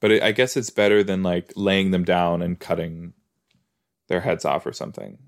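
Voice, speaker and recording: A man casually reacting to a TV episode as a podcast host, rambling and excitable, often cutting himself off mid-thought. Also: low voice, moderate pace. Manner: rambling, excitable, self-interrupting.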